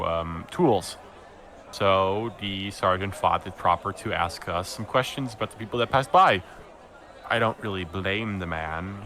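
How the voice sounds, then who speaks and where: A man's voice: lowish voice, bright, forceful tone, slight background noise. A man voicing a friendly, nervous male half-orc carpenter who speaks in an apologetic, slightly awkward way. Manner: apologetic, easygoing, a bit awkward.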